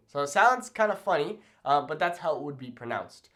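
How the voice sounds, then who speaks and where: A man's voice: a little high, sing-song, brisk, fairly bright tone. A young man giving a chatty whiteboard lesson, upbeat and often checking in with "okay?". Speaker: Spanish teacher. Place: room with a whiteboard.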